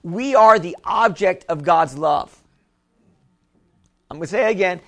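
A man's voice: high voice, a little slow. A male pastor preaching a sermon, calling on the congregation for amens and repeating phrases for emphasis. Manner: preaching with call-and-response, asking for amens.

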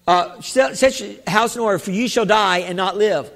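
A man preaches a sermon in a church, his voice set very high for a man. He halts and restarts often, then rises to shouts. A long reverb from the large hall trails behind every phrase. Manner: halting preacher, many restarts, rising to shouts. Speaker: pastor.

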